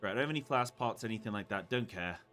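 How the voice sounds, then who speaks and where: A man's voice: lowish voice, lively intonation, quick pace, a bit bright. Chatty man muttering through gameplay. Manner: rambling, mutters to himself while picking options. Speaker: game streamer. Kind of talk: casual gameplay chat.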